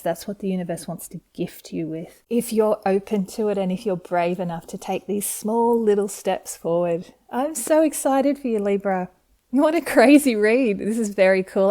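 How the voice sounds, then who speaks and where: Gentle, mellow-voiced woman tarot reader. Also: on the low side. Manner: gentle, encouraging, enthusiastic. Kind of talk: tarot reading video. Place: home setup with camera.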